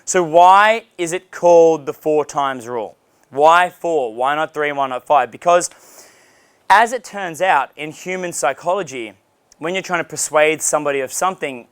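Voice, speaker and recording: A man's voice: fairly high pitch, measured pace, fairly bright tone, smooth, no echo. A man teaching a dating seminar, blunt and profane, acting out sample dialogues. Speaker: dating coach. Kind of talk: seminar lecture.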